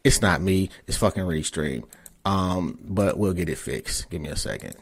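A man's voice: sits low, animated, moderate pace, slightly rough. Male podcast host, loose and profane, casual interview chat.

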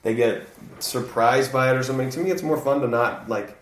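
A man's voice: medium pitch, fairly quick. A man, a guest comedian from the American South, chatting casually and laughing often. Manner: relaxed, rambling, laughs often. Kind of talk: casual podcast conversation. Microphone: far from mic. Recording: echoey room, distant mic.

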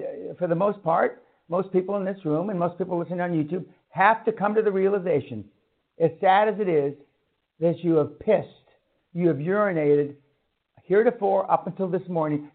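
A man lectures a seminar crowd in a blunt, profane rant, hammering his points home. His voice sits very high for a man. The sound is thin and narrow, like a phone line. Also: normal speed. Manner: blunt, swearing, ranting. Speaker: seminar speaker.

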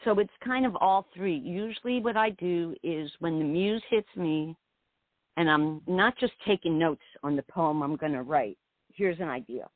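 A woman's voice: on the low side, normal speed, no echo. Reflective woman poet on a tinny phone line. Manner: meandering, reflective. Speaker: poet guest. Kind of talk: radio interview.

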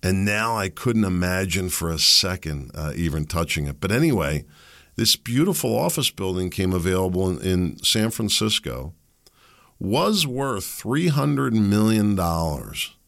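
A man's voice: low-pitched, big pitch swings, unhurried, gravelly, a bit bright. A man hosting a solo commentary show, rambling and opinionated, with sardonic asides. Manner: rambling, opinionated, sardonic, with mocking put-on quotes. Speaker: podcast host.

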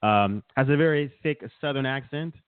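A man's voice: mid-range voice, normal speed, clear, resonant tone, no echo. Chuckling man on a tinny line. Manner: chuckling, rambling, teasing. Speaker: podcast co-host. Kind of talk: casual comedic chat. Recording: dry, tinny phone-like sound.

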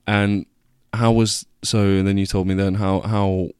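Low-voiced young man telling a story. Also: flat delivery, a little slow, a little mellow, smooth, dry recording, clean studio sound. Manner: rambling, self-deprecating, swears casually. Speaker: vlogger. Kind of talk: casual storytelling.

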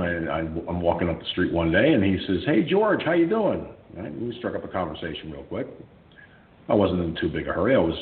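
A man hosting a radio show, telling a story in a blunt, profane, animated way. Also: low-pitched. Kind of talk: casual storytelling. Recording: echoey tinny phone-like line with faint hum.

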